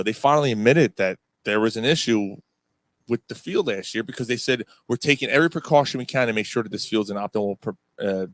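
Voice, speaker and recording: A man's voice: lowish voice, dry recording. A man co-hosting a casual sports podcast, talking in a profane, rambling, opinionated way. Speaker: podcast co-host.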